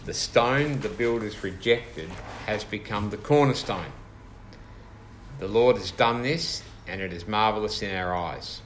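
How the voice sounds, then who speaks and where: A man with a fairly low voice leads a small group through a Bible study. He talks in a thoughtful, halting way, full of fillers and restarts, and a soft hiss sits under the recording. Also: low-quality recording. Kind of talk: informal Bible study teaching.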